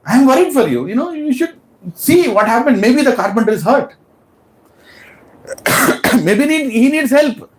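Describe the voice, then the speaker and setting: A man voicing an anxious queen who pleads and piles up worries, in a high strained voice, in a sermon story. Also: sing-song, unhurried, long pauses, reverberant, slight background noise, exaggerated voice. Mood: worried pleading. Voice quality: high strained falsetto-like pitch. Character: anxious pleading queen, woman, fretful and insistent.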